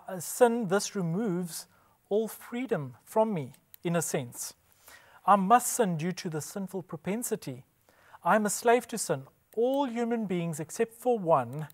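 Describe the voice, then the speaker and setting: A man giving a scripted religious presentation, emphatic, posing rhetorical questions and answering them himself. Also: high voice. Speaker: Bible presenter.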